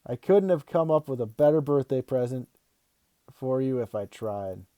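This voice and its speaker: A man reading aloud and voicing an excitable, playful father who loves to tease and can barely contain his news. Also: mid-range voice, moderate pace, no room sound, muffled recording, natural voice. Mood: excited. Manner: eager and loud, teasing. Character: excitable, bouncy adult father, playful joker.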